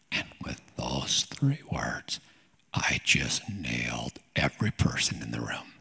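A man preaching a sermon with emphatic delivery and playful asides, in a husky voice. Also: deep voice, bright, forceful tone.

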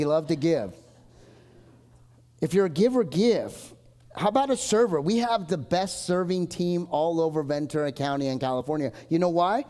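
A man preaches a live sermon with a slightly high voice, earnest and emphatic. He swings from forceful declarations to hushed asides. A long church-hall reverb trails behind every phrase. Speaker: pastor.

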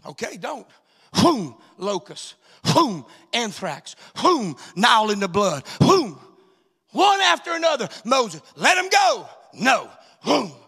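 A man preaching a sermon, swinging from shouted, sung-out lines to quiet asides. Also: sits high, sing-song, slow, husky. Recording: reverberant hall sound.

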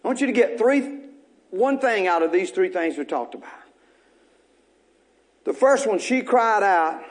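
A man's voice: sits high, animated, unhurried. A male pastor preaching a sermon, calling out questions to the congregation and repeating short phrases, with folksy joking asides.

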